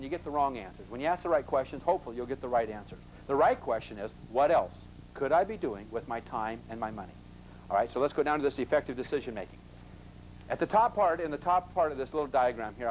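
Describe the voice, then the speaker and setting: A man's voice: mid-range voice, a little hiss or hum, poor audio. A man teaching a live investment seminar in a classroom, emphatic and constantly asking the audience rhetorical questions.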